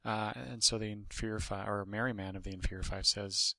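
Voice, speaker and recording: A man with a low, gravelly voice that stays bright and edgy, casually reviewing a comic. He rambles through restarts and asides. The recording is dry and close. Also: fairly even intonation, fairly quick, hardly any pauses, no echo. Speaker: podcast host and comic reviewer.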